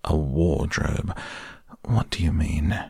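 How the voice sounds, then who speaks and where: A man's voice: low voice, slow pace, vocal fry, no echo, clean studio sound, exaggerated voice. A man voicing a proud, cold and stern tall queen who speaks imperiously. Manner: imperious, haughty.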